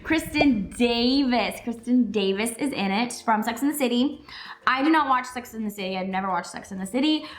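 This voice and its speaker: A young woman chatting casually in a vlog, reviewing a movie in an animated, filler-heavy way. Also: on the high side, moderate pace, reverberant.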